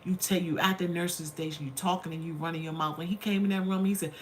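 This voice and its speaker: A woman's voice: fairly low pitch, fairly even intonation, quick pace, slight background noise. Chatty woman hosting a livestream. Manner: chatty, calls viewers honey and y'all. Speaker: livestream host. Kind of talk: casual livestream storytelling. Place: home.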